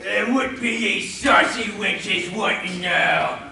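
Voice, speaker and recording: A blustery old pirate-crazed fellow on stage, bellowing in a high, bright, swinging voice. He is caught from the back of a very echoey hall, with a slow, hammy delivery and noise underneath. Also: creaky, recorded from a distance, heavily acted. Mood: confused. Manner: shouts old-fashioned pirate talk. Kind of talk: amateur stage play.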